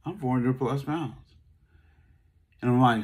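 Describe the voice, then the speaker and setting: A man's voice: moderate pace, long pauses. A man giving a talk, telling a personal story in a casual, conversational way and acting out the dialogue. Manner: animated, acts out dialogue, voice jumps high when upset. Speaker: speaker.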